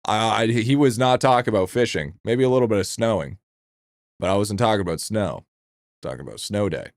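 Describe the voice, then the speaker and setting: A man hosting a live game stream, chatting casually with his chat in a rambling, profane, excitable way. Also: fairly low pitch, no room sound, studio quality.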